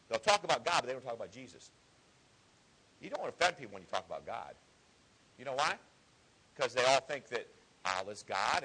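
A middle-aged man preaching a fervent sermon, swinging from loud exhortation to hushed personal storytelling. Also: medium pitch, slightly rough, poor audio.

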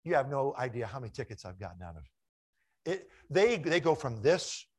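A middle-aged male preacher delivers a sermon full of anecdotes. He swings from booming, excited retellings down to soft, confiding asides, in a voice of ordinary middle pitch. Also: a little fast, slightly rough. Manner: lively storyteller, shifts from loud acted quotes to hushed asides. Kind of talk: sermon with stories.

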